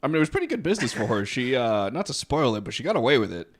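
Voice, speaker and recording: A man's voice: mid-range voice, big pitch swings, racing. A young man co-hosting a podcast, casually telling a history story with frequent swearing and laughter. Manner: laid-back, swears freely, laughs often. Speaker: podcast co-host.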